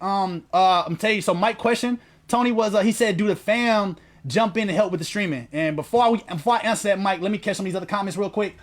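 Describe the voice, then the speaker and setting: A man hosting a livestream in casual chat, slangy and profane, reading viewer comments aloud. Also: high-pitched. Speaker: livestream host.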